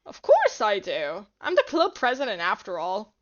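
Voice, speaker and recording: A woman reading the lines of a calm, friendly teenage girl who is president of a school club, in a soft, smooth way. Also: mid-range voice, moderate pace, lo-fi sound, voice pushed down. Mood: calm, knowing. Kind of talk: reading game dialogue aloud.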